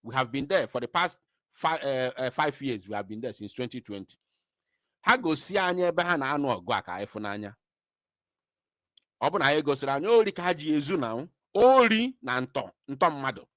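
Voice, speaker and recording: Fiery man, lively pitch. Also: a little fast, no room sound, studio quality. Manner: fiery, emphatic, mixes Igbo and English. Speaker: political commentator. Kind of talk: impassioned commentary.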